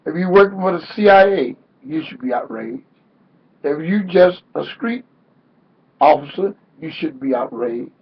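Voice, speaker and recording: A man's voice: a little high, expressive, measured pace, breathy edge. A man giving an impassioned protest speech with a preacher-like cadence that rises into cries, heard on a dull lo-fi recording. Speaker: activist speaker. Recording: dull lo-fi sound.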